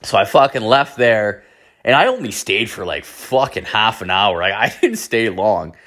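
A man's voice: fairly low pitch, moderate pace. Profane, rambling young man. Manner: heavy swearing, rambling and animated. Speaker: podcast host. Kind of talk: casual storytelling.

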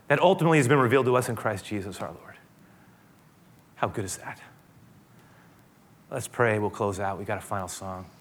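Earnest and emphatic, this high-voiced pastor shifts from loud, stressed sermon preaching into leading a prayer in a soft, hushed, gentle tone.

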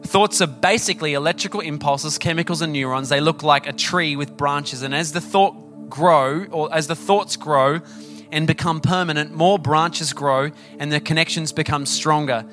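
Bright-voiced preacher man. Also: a little high, moderate pace, faint music behind. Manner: chatty storytelling, animated, many fillers. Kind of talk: sermon.

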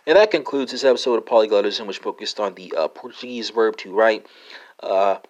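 A man's voice: lowish voice, fairly quick, highs cut off. A man hosting a solo language-lesson podcast, spelling out words letter by letter with lots of "uh" and "right?" and a few wry asides.

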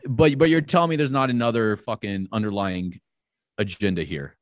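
A man's voice: fairly low pitch, normal speed, no room sound. A man on a casual podcast, talking in a blunt, profane, ranting way. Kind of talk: casual heated podcast chat.

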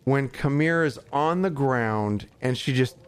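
Excitable man chatting on a podcast. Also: medium pitch, unhurried, clean tone. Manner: excitable, lots of fillers and quoted reactions. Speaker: podcast co-host. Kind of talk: casual chat.

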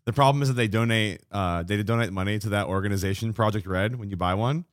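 A man's voice: fairly low pitch, fast, dry recording, clean studio sound. A man co-hosting a casual podcast, stumbling over his words and restarting often. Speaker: podcast co-host. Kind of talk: casual chat.

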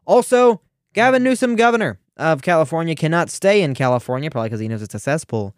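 A teenage man from Ohio hosting a radio show, delivering an animated, sarcastic political commentary with frequent restarts. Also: on the high side, fast, no echo, studio quality. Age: teens.

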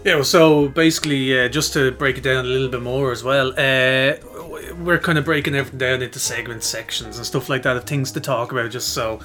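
A medium-pitched man co-hosting a podcast talks a little fast with hardly any pauses, faint music playing behind him. In casual chat he tells an animated, self-mocking story, performing the voices of the people in it.

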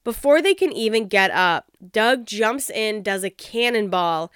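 A woman's voice: mid-range voice, expressive, measured pace, fairly bright tone, clean tone, dry recording, clean studio sound. A woman casually recapping a reality show, blunt and opinionated, swearing and laughing as she talks.

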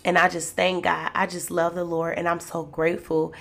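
Woman, gravelly low voice, emotional faith testimony. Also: level tone, normal speed, fairly bright tone. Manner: emotional, preacherly storytelling addressing listeners as y'all. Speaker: podcast host. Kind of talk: personal testimony.

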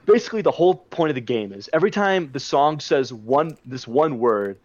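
A man's voice: medium pitch, lively intonation, brisk, a little mellow, dry recording. A young man co-hosting a podcast, telling a rambling party story in casual chat and swearing a lot. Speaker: podcast co-host. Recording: muffled dry recording.

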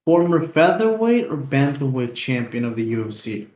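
A man's voice: mid-range voice, very animated, moderate pace, darkish tone, echoey room. A young man co-hosting a casual, unplanned podcast, rambling in slang, swearing freely and laughing often. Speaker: podcast co-host.

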